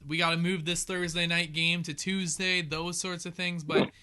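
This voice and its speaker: Upbeat joking male co-host, high voice, very bright and crisp tone, casual sports chat. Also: flat delivery, normal speed.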